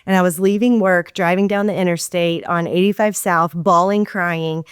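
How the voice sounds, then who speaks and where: A middle-aged woman, an author, speaking as a guest on a podcast with earnest, measured storytelling. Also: fairly low pitch, steady tone, clean tone, dry recording, clean studio sound. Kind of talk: conversational interview.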